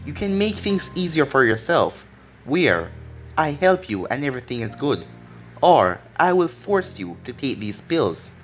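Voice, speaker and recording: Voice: medium pitch, very animated, unhurried, soft background music. A storyteller voicing a cocky but caring teenage boy ninja while reading fan fiction aloud, in a plain reading voice. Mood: teasing.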